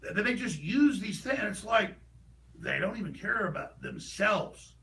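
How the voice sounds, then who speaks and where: A man delivering an impassioned, ranting political monologue as a talk show host, heated and rapid with sudden bursts of shouting. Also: sits high, animated, gravelly, distant mic, slight background noise, poor audio.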